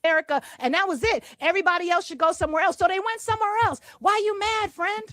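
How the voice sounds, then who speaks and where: A woman's voice: extremely high pitch, animated, very fast, fairly bright tone, dry recording, studio quality. A woman commentator talking in a taunting, sarcastic way.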